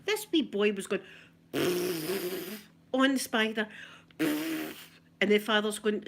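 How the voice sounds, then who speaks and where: Bright, giggly Scottish woman telling stories. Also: medium pitch, expressive, slow pace, creaky, long pauses. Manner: chatty, giggly, anecdotal. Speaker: ASMR vlogger. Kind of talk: casual ASMR storytelling.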